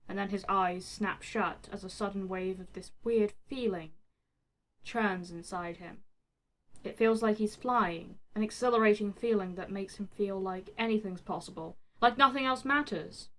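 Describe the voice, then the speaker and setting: A woman reading a fan fiction story aloud, with expressive narration. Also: mid-range voice, low-quality recording. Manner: expressive, swears in the text freely.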